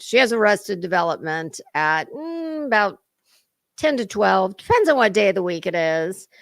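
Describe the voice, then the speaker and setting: A woman's voice: medium pitch, vocal fry, a bit bright, no room sound, studio quality. A woman hosting a reaction livestream, mocking a clip with sarcastic, profane jabs and greeting her chat. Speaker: commentary livestream host.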